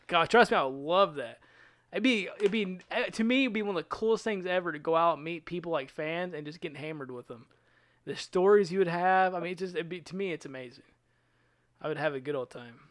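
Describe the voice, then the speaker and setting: A man's voice: on the high side, fairly quick, dry recording. A man co-hosting a podcast, chatting casually about racing and laughing often. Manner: laughs often, joking and animated. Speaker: podcast co-host. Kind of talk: casual chat.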